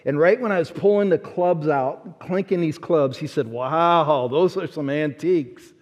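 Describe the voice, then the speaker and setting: A man preaching a sermon, telling a personal story and acting out the people in it in an animated way. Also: a little high, measured pace. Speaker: pastor. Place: large church sanctuary. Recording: dull-sounding sermon audio with long hall reverb.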